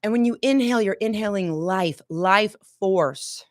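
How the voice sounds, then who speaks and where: A woman hosting a motivational live stream, speaking with high energy to her viewers and coaxing them to repeat affirmations out loud. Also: unhurried, dry recording, clean studio sound. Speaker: motivational host.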